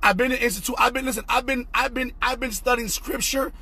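High husky man preaching fervently. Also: steady tone, fast talker. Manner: fervent, repetitive, often shouting. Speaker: pastor. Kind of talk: impassioned online sermon.

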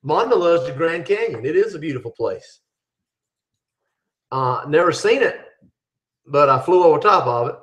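Chatty host reading viewer questions. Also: male voice, on the high side, lively intonation, normal speed, long pauses, a bit bright. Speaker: live chat host. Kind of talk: casual live chat.

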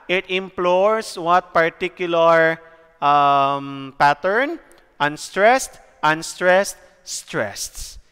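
Young male teacher, Cebuano accent, high and crisp, slow patient lecture, reverberant space. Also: pushed and bright. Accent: Filipino, Cebuano. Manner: slow, explanatory, checks in with "okay?". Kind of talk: recorded classroom lecture.

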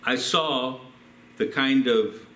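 A man's voice: mid-range voice, slow, fairly bright tone, echoey room. An older man, a pastor, telling personal stories in a sermon and acting out the quotes. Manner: storytelling with acted quotes. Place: church.

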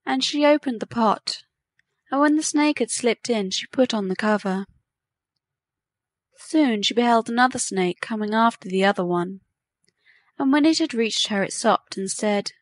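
Lady reading a story for learners, clear and even, bit high, dry close sound. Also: moderate pace, no echo. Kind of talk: scripted narration of a graded reader story.

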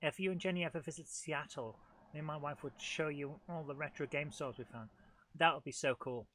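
A man's voice: a little high, a little fast, a bit bright, a little hiss or hum. A middle-aged man hosting a live let's-play, chatting and joking at his own expense. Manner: chatty, self-deprecating, talks to the game. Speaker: host of a retro gaming channel.

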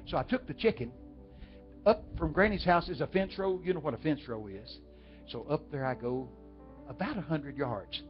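Folksy Texan preacher telling stories. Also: male voice, on the high side, lively intonation, brisk. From Texas. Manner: folksy, talks directly to the audience. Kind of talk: storytelling sermon. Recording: dull lo-fi with faint music.

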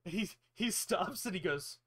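A man's voice: high-pitched, expressive, unhurried, a bit bright, slightly rough. A man narrating a tabletop game as game master, telling the story loosely with frequent giggles.

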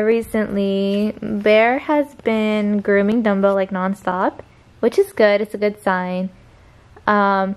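A tired young woman, chatting through casual vlog updates about her pets and stretching her fillers. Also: fairly high pitch. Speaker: vlogger.

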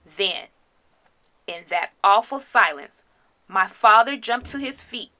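A woman reading a children's picture book aloud in an expressive storytelling style, raising her voice for the crowd's chants. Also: mid-range voice, slow pace. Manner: dramatic, shouts crowd chants.

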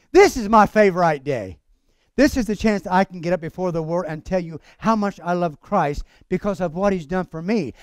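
A man's voice: high-pitched, expressive, a little slow, pauses often, clear, resonant tone, no echo. A man preaching a fervent sermon at a church service, reading scripture and calling out to his congregation. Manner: fervent, calls out to the congregation for amens. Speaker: pastor.

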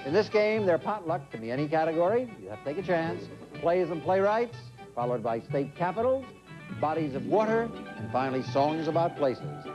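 A man hosting a quiz show in a TV studio, joking with contestants and reading questions briskly. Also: fairly high pitch, very animated, over music. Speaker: game show host. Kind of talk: quizmaster patter. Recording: dull, noisy old TV audio.

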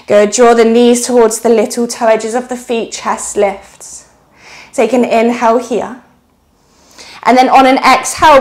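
A woman leading a yoga flow class, giving calm, encouraging cues timed to the breath and a little out of breath. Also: sits high. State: slightly out of breath. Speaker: yoga instructor.

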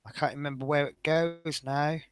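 A man's voice: fairly high pitch, fairly even intonation, normal speed, crowd noise. A man chatting casually as he builds a scale model, rambling and often breaking off mid-sentence. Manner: chatty, rambling, self-interrupting.

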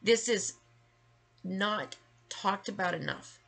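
A woman's voice: mid-range voice, takes it slowly, gravelly, a bit bright, slightly rough. A woman vlogger delivering an emotional, angry rant to the camera, emphatic and full of swearing. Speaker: vlogger sharing her story.

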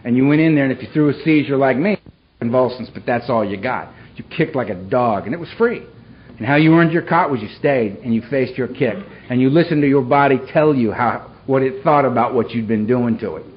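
A man giving a raw, dramatic recovery talk to a live audience, with dark humor and a street-casual way of speaking. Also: mid-range voice, a little fast. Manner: street-casual, peppers speech with "man" and "you know". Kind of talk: personal recovery story told to a live audience. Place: meeting hall with a live audience. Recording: dull, lo-fi live talk recording with faint hiss.

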